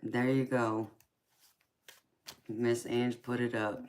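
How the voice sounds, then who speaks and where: This woman speaks slowly in an extremely low, darkish voice with a level tone. She's a tarot reader and live stream host from California who grew up in Georgia, and her Southern accent comes through as she laughs a lot and affectionately calls her viewers honey and sweetheart.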